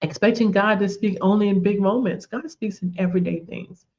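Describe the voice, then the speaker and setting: A woman's voice: medium pitch, brisk, a little mellow, dull audio. A woman giving a conversational faith teaching, telling personal stories, repeating words and often saying "you know". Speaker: women's ministry teacher.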